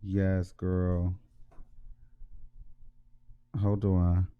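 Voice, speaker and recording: A man hosting his own channel, giving heartfelt shout-outs in slangy casual talk and repeating himself for emphasis. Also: sits low, completely flat delivery, very slow, smooth, narrow, tinny audio. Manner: heartfelt, emotional. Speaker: YouTube show host. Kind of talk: casual vlog shout-out to viewers.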